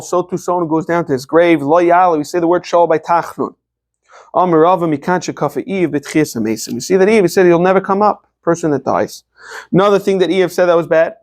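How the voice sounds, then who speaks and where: An American man giving a Talmud class, reading phrases slowly and then explaining them quickly, often restarting his words. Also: sits high. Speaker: Talmud teacher. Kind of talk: daf yomi Gemara class.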